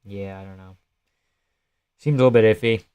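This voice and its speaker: A man's voice: lowish voice, steady tone, normal speed, smooth, phone-quality sound. A young man on a casual live stream, chatting loosely and swearing while he reacts to fights and answers his chat.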